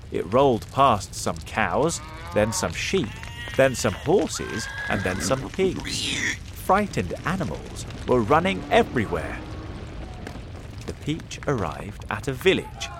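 A man narrates a children's storybook aloud with very dramatic delivery. His voice climbs and dives over a wide range, and he keeps an unhurried, slow pace. The tone is mid-pitched and clear. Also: noisy background. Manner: very expressive, dramatic swings.

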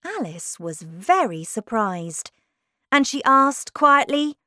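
Slow, expressive woman reading a storybook. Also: sits high, no room sound, studio quality. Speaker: narrator. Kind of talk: storybook narration.

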